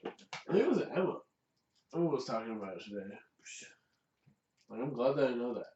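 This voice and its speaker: A man's voice: medium pitch, big pitch swings, a little fast, dark tone. A man co-hosting a casual podcast, telling laid-back stories and laughing easily. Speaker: podcast co-host. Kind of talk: casual chat. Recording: roomy, distant, dull, faint hiss.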